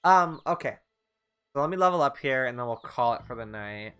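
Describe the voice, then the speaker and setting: A man streaming a game, chatting casually with quick reactions and casual swearing. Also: medium pitch, expressive, fairly bright tone, smooth. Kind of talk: casual gameplay commentary. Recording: faint game music behind.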